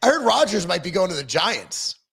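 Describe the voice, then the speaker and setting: Chatting casually on a livestream, a middle-aged man responds to viewer comments as they come in, his voice high for a man. It's sing-song, fairly bright and husky with vocal fry, and he rambles, mocks himself and leans on ums and false starts.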